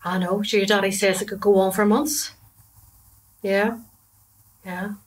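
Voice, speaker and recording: A woman's voice: medium pitch, steady tone, a little slow, lightly acted. An actress playing a chatty, gossipy middle-aged mother with a Belfast accent. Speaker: mother and wife. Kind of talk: comedy drama acting.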